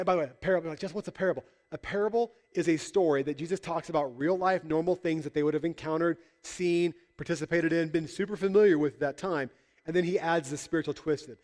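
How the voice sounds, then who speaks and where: Joking pastor preaching in a reverberant hall. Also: male voice, fairly high pitch, fast, a little mellow. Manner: conversational and joking, acts out voices in quotes. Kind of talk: casual sermon. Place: church hall.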